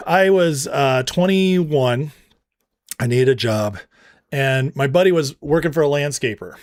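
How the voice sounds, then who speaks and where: Man, show host, higher pitch, dry close sound, heated, scornful ranting commentary. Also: slow pace, dry recording. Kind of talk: political commentary monologue.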